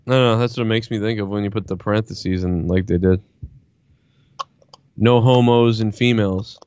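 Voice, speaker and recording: A man's voice: fairly low pitch, steady tone, fast, a little mellow, dry recording. Rambling, profane man on a dry, dull mic. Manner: profane, rambling storytelling with lots of quoting. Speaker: streamer. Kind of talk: casual chat.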